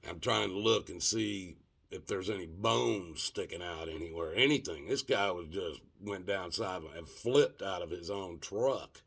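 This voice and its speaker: A deep, gravelly man tells a rough story full of swearing. His low voice crackles with fry as he drags out the tense moments. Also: fairly bright tone. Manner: profane, colloquial, drawn-out dramatic retelling. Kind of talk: casual spoken storytelling.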